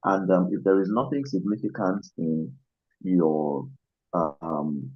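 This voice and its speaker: Deep husky man, muffled call. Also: slow pace, dry recording. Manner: hesitant, with many ums. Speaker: student. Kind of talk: class summary answer. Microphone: video call. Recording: muffled video call audio.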